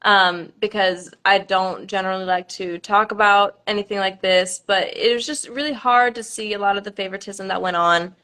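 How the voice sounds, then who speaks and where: A woman's voice: mid-range voice, fairly even intonation, normal speed, few pauses, bright, forceful tone. A young woman, a pageant contestant, chatting on a live stream with nervous laughter and many fillers.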